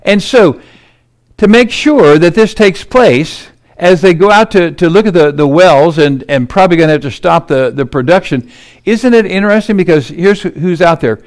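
A man's voice: high voice, expressive, moderate pace. A man giving urgent political commentary over maps and headlines, emphatic and incredulous.

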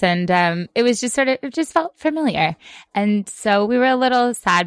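A woman's voice: medium pitch, dry recording. A woman co-hosting a podcast from a sailboat, chatting frankly and laughing easily, with small restarts. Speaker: podcast co-host. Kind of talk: casual chat. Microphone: podcast mic.

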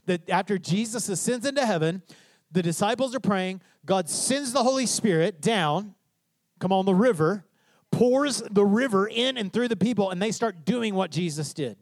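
A man with a high, bright voice preaches a sermon, telling the story with energy and acting out quoted lines. The sound is close and dry, with no room echo. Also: moderate pace. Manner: animated storytelling preacher, acts out quotes, asks "tracking?". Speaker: pastor.

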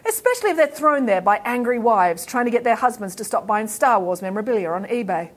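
A woman's voice: fairly high pitch, animated, fast. A woman with an Australian accent playing a dry, matter-of-fact mother in a children's story. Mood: wry.

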